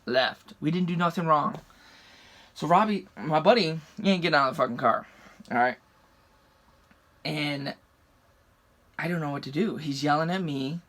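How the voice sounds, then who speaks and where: Young guy, storytime vlog, cursing and heated, fairly high, bright voice. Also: moderate pace, pauses often. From rural United States. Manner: profane, heated retelling. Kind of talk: casual storytime.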